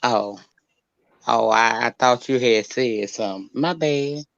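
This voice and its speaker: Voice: mid-range voice, slow pace, creaky, a bit bright, no echo. Sassy caller on a muffled line. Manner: curious, sassy. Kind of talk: casual chat. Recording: dull lo-fi call audio.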